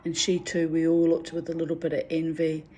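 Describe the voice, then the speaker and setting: A woman's voice: low voice, monotone, brisk, dark tone, a little hiss or hum. A middle-aged woman recounting personal memories in a candid, rambling way. She talks frankly, swears freely and restarts her sentences often. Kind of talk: candid spoken reflection.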